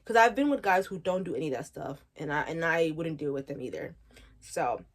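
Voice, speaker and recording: A woman's voice: sits low, expressive, fairly quick. A woman in her twenties giving frank, slangy advice in a casual vlog chat, often laughing at her own jokes. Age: 20s. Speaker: vlogger.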